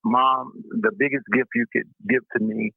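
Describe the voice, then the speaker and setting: A man in his fifties, a deacon calling into a radio show, speaking hesitantly with many pauses and ums. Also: medium pitch, steady tone, vocal fry, husky, no echo. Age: 50s. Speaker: caller, deacon. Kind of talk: call-in radio talk. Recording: tinny phone line.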